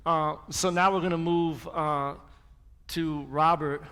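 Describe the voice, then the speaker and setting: A man's voice: on the high side, steady tone, takes it slowly, a bit bright, smooth. A man leading a church service as pastor, talking casually and hyping up the crowd between guest stories. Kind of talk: sermon with guest testimonies. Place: church hall with congregation. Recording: live in a reverberant hall.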